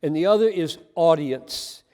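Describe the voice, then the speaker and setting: A male preacher giving an impassioned, emphatic sermon, swinging between loud emphasis and quiet asides. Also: a little high, animated, measured pace, clear, resonant tone, in a large hall.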